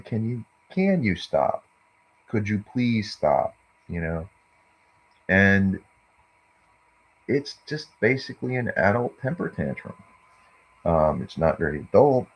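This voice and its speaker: A man's voice: low-pitched, slightly rough. A man musing in a rambling monologue, meandering and hesitant, with many fillers, on a dull lo-fi recording. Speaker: vlogger.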